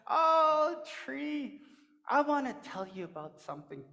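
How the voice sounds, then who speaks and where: A tender male coyote played by a woman woos in a soft, earnest voice pitched a little above the storyteller's own. Long church-hall reverb trails each line. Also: very animated, a little slow, gravelly, exaggerated voice. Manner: gentle, earnest wooing.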